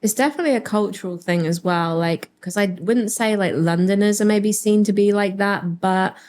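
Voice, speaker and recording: A woman from England with a softened English accent, a restaurant co-founder chatting casually on a podcast and laughing easily. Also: medium pitch, normal speed, slight background noise. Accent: English, softened by years in America. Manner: laughs easily, lots of "like" fillers.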